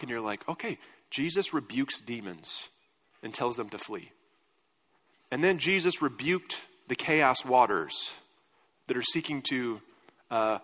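A man's voice: medium pitch, a bit bright. A man preaching a sermon as pastor in a conversational way, asking his congregation questions. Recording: reverberant church hall.

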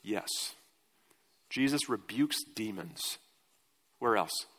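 A man's voice: fairly low pitch, expressive, takes it slowly, fairly bright tone. A man preaching a sermon as pastor in a conversational way, asking his congregation questions. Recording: reverberant church hall.

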